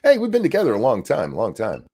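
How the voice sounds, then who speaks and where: A man's voice: mid-range voice, quick pace, slightly rough. A middle-aged man co-hosting a live stream, reading donations and joking in a profane, rambling way. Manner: animated, profane, jokey, with restarts. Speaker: co-host of a live stream show.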